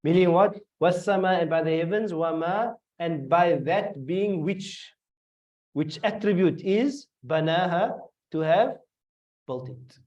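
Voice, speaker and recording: A man's voice: on the high side, slow pace, darkish tone. A man with a South African accent teaching a class, asking his students questions and repeating phrases as he explains. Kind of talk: classroom tafsir lesson. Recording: dull lo-fi classroom recording from a distance.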